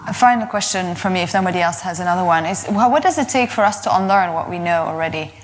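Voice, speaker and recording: A woman's voice: on the low side, fast talker, slight background noise. A woman from Lebanon and Switzerland who hosts the event and asks the speaker friendly questions. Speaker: event host asking questions. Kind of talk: Q&A moderation.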